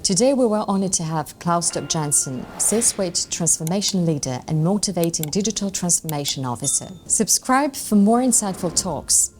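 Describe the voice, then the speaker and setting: A woman's voice: lowish voice, animated, normal speed, few pauses, darkish tone, slight background noise. A woman hosting an interview, reading polite prepared questions and a closing outro. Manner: polite, reads prepared lines. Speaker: interviewer, show host.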